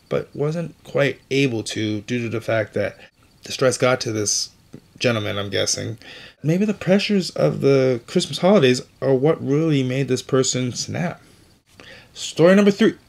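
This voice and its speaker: A man's voice: mid-range voice, creaky, darkish tone. A man hosting an opinionated news commentary show, delivering stories with indignant, sarcastic asides.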